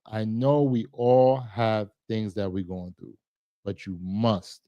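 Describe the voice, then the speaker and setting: A man hosting a live stream, reacting to a news clip with emotional, repetitive commentary, at times hushed and at times loud. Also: on the low side, slow, dry recording, muffled recording. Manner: emotional, repeats words, swings from hushed to loud.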